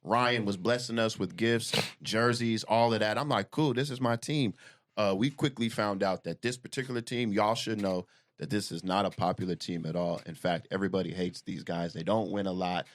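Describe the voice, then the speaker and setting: A man with a somewhat low voice, speaking in a relaxed, slangy way. He tells the listeners about a trip as he goes. His delivery stays easygoing and conversational throughout. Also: brisk. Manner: laid-back, slangy, talks straight to the audience. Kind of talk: casual storytelling chat.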